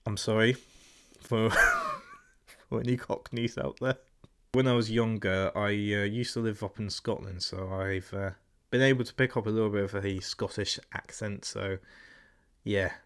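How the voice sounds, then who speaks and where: English guy chatting on his gaming channel, self-deprecating, kinda low pitch, bright tone. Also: sing-song, measured pace, long pauses. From England. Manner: chatty, self-deprecating, laughing between remarks. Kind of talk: casual product review chat.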